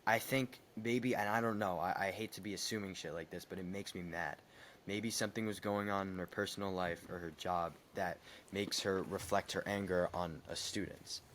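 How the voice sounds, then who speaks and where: A young man chatting on a podcast, telling a story in a heated, animated way with some swearing. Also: low-pitched, moderate pace, slight background noise. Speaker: podcast co-host. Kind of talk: casual podcast chat.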